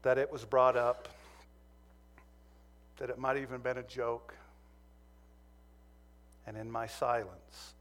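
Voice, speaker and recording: A man from Montana gives a sermon built around a personal story. He tells it with humor and then lets it turn earnest. His voice sits at an everyday middle pitch for a man. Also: level tone, slow pace, pauses often, fairly bright tone. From Montana, USA. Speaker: preacher.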